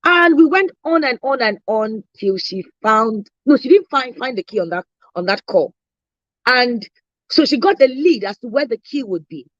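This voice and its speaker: Lively woman business trainer, high bright voice, dry muffled recording, keeps tagging "right?". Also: moderate pace, no echo. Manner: animated, stressing points with repeated "right?" tags. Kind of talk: sales training talk.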